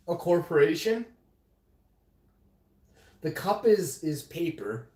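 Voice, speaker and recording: A man's voice: a little high, expressive, moderate pace. A man live streaming from his home kitchen, swearing heavily in an indignant casual rant. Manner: profane, ranting, indignant. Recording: roomy echoey room sound.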